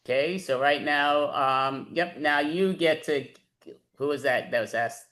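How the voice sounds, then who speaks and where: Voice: medium pitch, unhurried, fairly bright tone. Improv game host, casual instructions, video call. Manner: casual, instructing, loose fillers.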